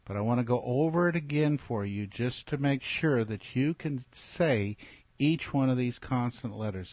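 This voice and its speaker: A man's voice: mid-range voice, dry recording. A man teaching children letter sounds in a phonics lesson, patient and repetitive, asking them to repeat after him. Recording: dull, lo-fi recording.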